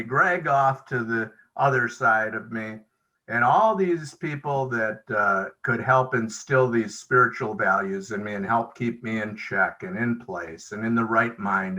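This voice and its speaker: A man's voice: mid-range voice, bright, forceful tone, lo-fi sound. A man sharing stories at a recovery meeting over a video call, chatty and acting out the dialogue he quotes. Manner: conversational, acts out quoted dialogue. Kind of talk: storytelling share.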